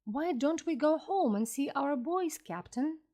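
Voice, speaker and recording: A tired, homesick ship's mate in a storybook tale, as a woman puts him on. He talks gently, almost begging, at an unhurried pace. The pitch moves freely. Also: animated. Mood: pleading.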